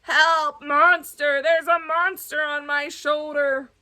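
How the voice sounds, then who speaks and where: Vrouw die een dreigende schoolpestkop speelt. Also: female voice, medium pitch, steady tone, slow, bright, forceful tone. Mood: panicked. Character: boastful schoolboy bully.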